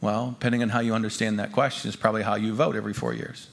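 A man preaching a sermon to his congregation as pastor. He talks emphatically, repeats key phrases and swings from hushed lines to loud ones. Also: lowish voice, level tone, very fast, creaky. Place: church gathering before a congregation.

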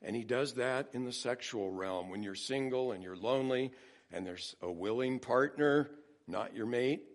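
A man preaching a sermon, humorous and storytelling, who acts out quotes with rising excitement. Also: lowish voice, a little slow. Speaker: pastor.

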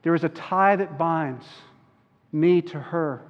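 A man preaching a sermon as a pastor, earnest and slowing down on key words. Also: a little high. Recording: dull recording with long hall reverb.

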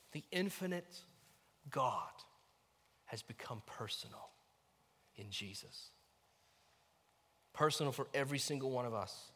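A man preaching a sermon as a pastor, animated, swinging between quiet asides and loud emphatic lines. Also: medium pitch, long reverb tail. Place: church sanctuary.

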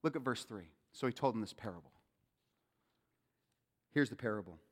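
A man preaching a sermon as a pastor, animated and calling out questions to the congregation. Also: lowish voice, normal speed, breathy edge. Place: church sanctuary. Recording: long hall reverb.

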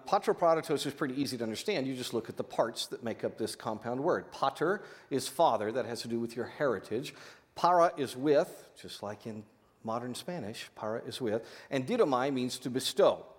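A man preaching a sermon in an animated, folksy way, with sudden loud bursts, repeating words as he thinks. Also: medium pitch. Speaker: pastor. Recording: long hall reverb.

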